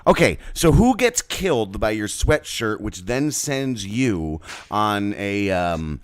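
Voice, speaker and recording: A man's voice: on the low side, takes it slowly, clear, resonant tone. Guy riffing on a live stream, voice bouncing all over, teasing his buddies. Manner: animated, jokey, teasing. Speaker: podcast co-host. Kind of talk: casual banter on a live stream. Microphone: video call.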